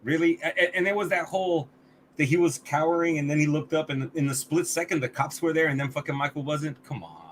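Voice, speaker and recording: A man's voice: a little high, brisk, a little hiss or hum. A man co-hosting a podcast, reviewing a movie in casual chat, blunt and swearing often, with many restarts. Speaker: podcast co-host.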